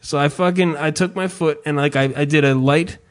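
A man's voice: on the high side, steady tone, a little fast. Profane man telling a rambling story. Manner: profane, self-mocking storyteller who yells his own quotes. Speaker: podcast host. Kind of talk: casual storytelling chat.

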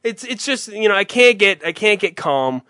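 A man's voice: high-pitched, sing-song, normal speed, pushed and bright, dry recording. A man hosting a talk show, telling a long, profane, rambling story in exasperation. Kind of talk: profane comedic rant.

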